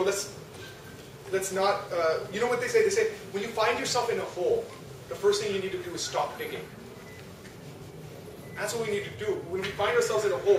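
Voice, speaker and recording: High-voiced young man lecturing in a hall. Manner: conversational, asks the audience, frequent rhetorical "right?". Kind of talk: religious youth talk. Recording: echoey hall from far off, noisy.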